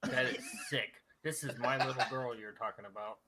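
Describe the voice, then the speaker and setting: A man co-hosting a casual online radio chat, reacting with quick quips and checking on the chat room. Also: medium pitch, a loud crowd. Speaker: co-host.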